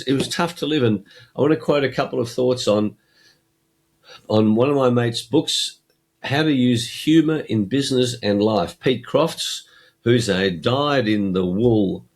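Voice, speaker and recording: A man with an Australian accent hosting a solo podcast, reading book passages aloud in an earnest way with emphatic pauses. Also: mid-range voice. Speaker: podcast host.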